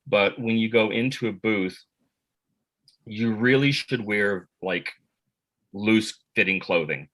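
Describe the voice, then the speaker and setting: An American man who works as an actor and voice actor, answering interview questions in a relaxed, rambling way with many fillers and restarts. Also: fairly low pitch, slow pace, pauses often, rough recording. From United States.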